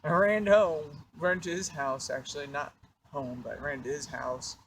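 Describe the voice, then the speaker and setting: A young man with a fairly high voice tells a story from his own life. He rambles casually with lots of fillers and swearing, and his energy keeps rising as he gets into it. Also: moderate pace, far from the mic, slight background noise. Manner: animated, profane, rambling with fillers. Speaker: vlogger.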